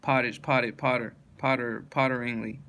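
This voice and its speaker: A man reading a list of words aloud one by one, steady and plain, with small slips and self-corrections. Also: medium pitch, normal speed.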